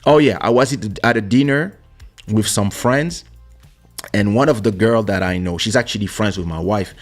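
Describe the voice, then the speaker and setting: This podcast host and musician speaks at a moderate pace in a fairly low voice, with soft background music. Talking casually into a studio podcast microphone, he tells a personal story and animatedly acts out the voices of the people in it.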